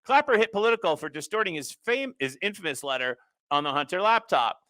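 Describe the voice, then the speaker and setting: A man's voice: sits high, expressive, fast talker, bright, forceful tone, no echo. A man hosting a show, talking through a political commentary monologue, reading quotes aloud and adding mocking, sarcastic asides. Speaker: host.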